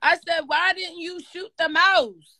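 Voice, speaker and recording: A woman's voice: very high voice, steady tone, unhurried, pushed and bright, no room sound. A woman chatting casually on a livestream, teasing and reacting as she listens to a story. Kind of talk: casual chat.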